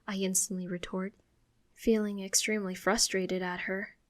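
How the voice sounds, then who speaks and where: Soft-spoken woman narrating an audiobook. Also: medium pitch, flat delivery, unhurried. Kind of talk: first-person audiobook narration.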